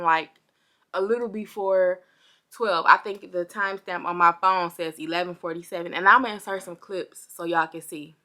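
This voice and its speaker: A young woman telling a storytime vlog to her viewers, chatty and animated, a little parched and under the weather. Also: mid-range voice. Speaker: vlogger.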